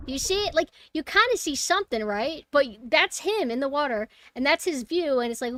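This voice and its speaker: A woman streamer talking casually to her viewers, excitable and swearing freely. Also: high voice, normal speed, hardly any pauses, slight background noise. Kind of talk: casual live-stream commentary. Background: game music.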